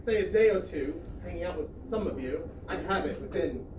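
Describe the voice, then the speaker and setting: A man's voice: sits high, expressive, a little fast, noisy background. A man on a film Q&A panel, joking and laughing often. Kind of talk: lively panel chat. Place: large hall with audience. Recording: roomy hall, distant mic, loud crowd.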